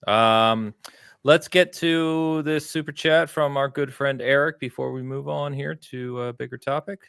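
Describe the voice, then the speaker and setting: An American man hosting a casual podcast, chatting in a relaxed, rambling way with lots of filler words. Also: medium pitch, a little slow, creaky, clean tone, dry recording, studio quality. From United States. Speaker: podcast host.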